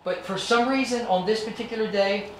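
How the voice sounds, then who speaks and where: In a presentation room full of students, a high-voiced man speaking a little fast shares his life story as a motivational guest speaker, acting out scenes with animation. Slight background noise is present, and the distant mic picks up the room's echo.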